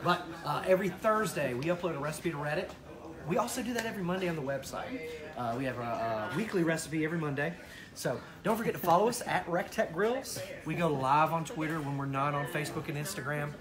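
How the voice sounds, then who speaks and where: A man hosting a live show in casual chat, excitedly promoting a giveaway. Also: fairly high pitch, fast talker, a crowd in the background. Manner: excited, animated promo talk. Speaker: show host.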